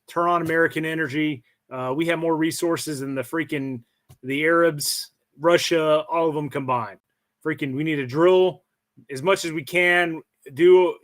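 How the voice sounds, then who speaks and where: A man hosting a live stream vents in a blunt, profane rant. His voice sits a little higher than most men's. He talks casually, as if to friends on the stream. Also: fairly bright tone. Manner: profane, ranting.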